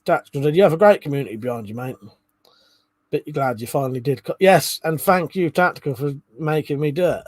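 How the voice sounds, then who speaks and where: Reading viewers' comments aloud on his casual livestream, a man chuckles and swears freely. His voice is fairly high and a little mellow, he speaks fairly quickly, and the recording is dry.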